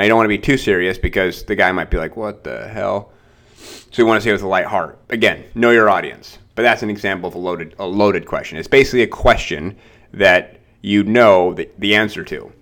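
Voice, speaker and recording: A man's voice: sits low, fairly bright tone. A young adult man hosting a casual sales-training podcast, talking loosely and acting out short exchanges with clients. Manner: loose, conversational, acts out short client dialogues.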